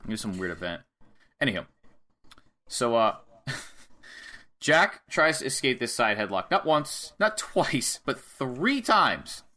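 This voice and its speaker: A man's voice: mid-range voice, very animated, takes it slowly, long pauses, pushed and bright. A young man co-hosting a casual wrestling podcast, recapping a match with laughs and acted-out lines from the wrestlers. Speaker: podcast co-host.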